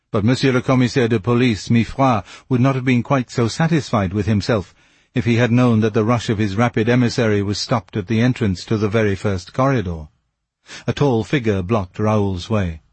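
Male audiobook narrator, husky voice, dry close sound, even measured reading. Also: on the low side, no room sound. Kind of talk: scripted narration.

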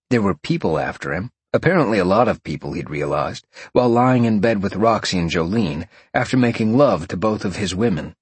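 A man narrating adult fiction in a slow, measured audiobook style, recorded close on a studio mic. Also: on the low side, breathy edge, dry recording.

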